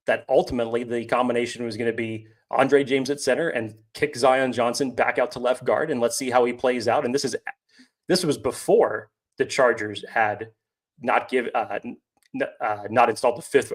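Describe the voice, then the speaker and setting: A man co-hosting a sports podcast, breaking down the roster in a measured, analytical way. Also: mid-range voice. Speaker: podcast co-host. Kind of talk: casual sports podcast chat.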